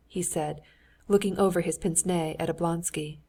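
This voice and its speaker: Woman narrator, lowish measured voice. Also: steady tone, creaky, warm tone. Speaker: audiobook narrator. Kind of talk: scripted narration.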